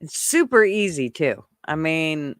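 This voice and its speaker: A woman hosting a casual livestream, chatting excitedly and laughing often as she reads viewers' comments. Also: low voice, measured pace, no room sound, clean studio sound. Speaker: channel host reading live chat.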